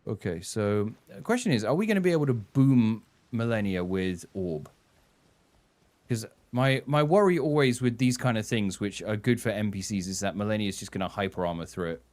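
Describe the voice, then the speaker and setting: A man giving rambling live-stream commentary while he plays, swearing and reacting out loud. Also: fairly low pitch, expressive, fairly quick. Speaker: gaming streamer.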